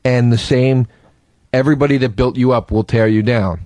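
A man's voice: medium pitch, steady tone, moderate pace, darkish tone, no room sound. A man as a guest on a podcast, telling rambling, emphatic stories with a lot of swearing. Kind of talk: casual storytelling chat.

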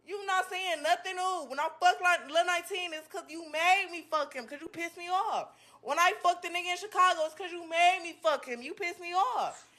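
A woman's voice: very high-pitched, fairly quick, pushed and bright. A drunk woman ranting on a home livestream, brash and taunting, repeating her jabs over and over. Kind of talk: livestream rant. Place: home bedroom, indoors.

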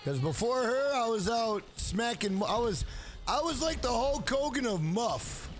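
A man's voice: very high-pitched, big pitch swings, a little slow. A man livestreaming, chatting casually and telling rambling, profane stories full of "bro.". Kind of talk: casual stream chat and storytelling.

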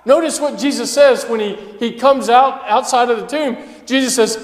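High-voiced slow preaching man. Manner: impassioned preaching, swinging between hushed and loud. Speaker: pastor. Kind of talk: sermon. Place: church sanctuary. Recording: echoey church hall.

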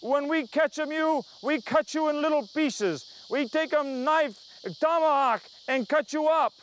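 A man's voice: very high voice, measured pace, fairly bright tone, slight background noise, pitched above the performer's own voice. A man voicing a stern, menacing chief in a told story, in broken speech.

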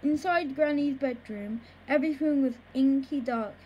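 A woman reading a children's book aloud in a slow, careful way, with occasional small stumbles over words. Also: high voice, muffled recording, slight background noise. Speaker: storybook reader.

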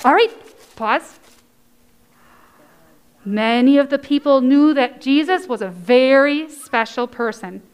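A woman leading a children's message at church, telling a story with excited cheers and coaxing the kids to join in. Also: sits high, slow, pauses often, smooth. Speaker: children's sermon leader.

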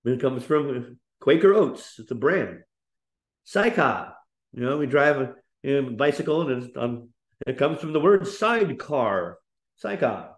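A man teaching a webinar lesson on speaking, explaining slowly with frequent fillers and restarts. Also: medium pitch, big pitch swings. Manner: demonstrates example phrases in a lifted, playful voice.

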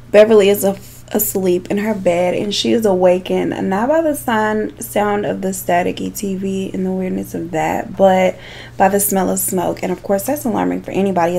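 A woman with a mid-range voice and some vocal fry tells a true crime story as a makeup vlogger, keeping it casual and chatty with frequent asides to her viewers. There's slight background noise.

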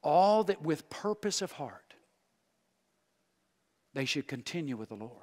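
High-voiced preacher, folksy and fervent. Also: male voice, very animated, a little slow. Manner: folksy, humorous, swings from loud exhortation to hushed intensity. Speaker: guest preacher. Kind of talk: revival sermon.

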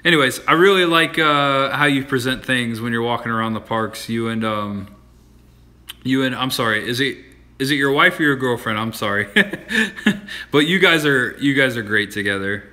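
A man's voice: mid-range voice, normal speed, sharp tone. A man hosting a casual livestream from his home, chatting in a rambling, friendly, self-deprecating way. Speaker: livestream host. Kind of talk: casual live-stream chat.

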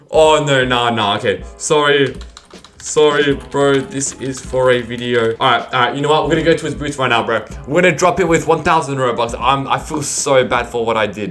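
Man, gaming YouTuber, casual rambling commentary with stammers, mid-pitched, faint music under. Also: a bit bright. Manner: rambling, stammering, repeats 'bro' constantly.

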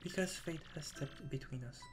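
A man voicing a gentle young wife reading her farewell letter in a tender, earnest way. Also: fairly high pitch, normal speed, over music, lightly acted. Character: Scarlet, loving dying young wife, gentle.

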